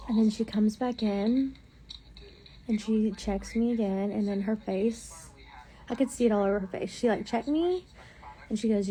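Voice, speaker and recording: Young woman, chatty live-stream talk, fillers and restarts, tired, slightly high voice. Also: unhurried, darkish tone, slight background noise. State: hospitalized, pregnant, tired. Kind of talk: casual live-stream storytelling to viewers.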